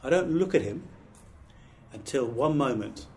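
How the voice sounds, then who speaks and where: Animated and warm, a middle-aged British pastor delivers a training talk on preaching at a slightly slow pace in a mid-range voice. He's earnest, emphatic and conversational, with some restarts, and slight background noise is present.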